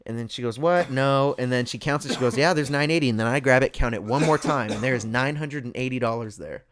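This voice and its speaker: A young man hosting a podcast, telling a story in a casual, animated way and laughing often. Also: medium pitch, fast talker, a crowd in the background. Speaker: podcast host. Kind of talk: casual chat.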